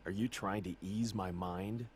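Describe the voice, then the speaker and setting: An actor playing a hardened, bitter mecha pilot in a video game, speaking curtly. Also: male voice, deep voice, fairly even intonation, unhurried, slightly rough. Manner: curt, guilt-ridden.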